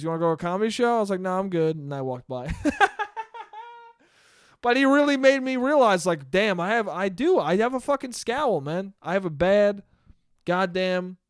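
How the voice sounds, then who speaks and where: A man's voice: high voice, no echo, clean studio sound. A young man hosting a solo podcast, telling a rambling, profane, self-deprecating story in a casual monologue. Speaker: podcast host.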